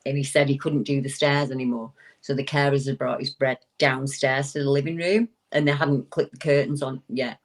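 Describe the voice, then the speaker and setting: A woman, a guest telling a paranormal story in a lively, emphatic way with frequent restarts. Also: rumbling low, normal speed, hardly any pauses. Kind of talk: animated storytelling in an interview.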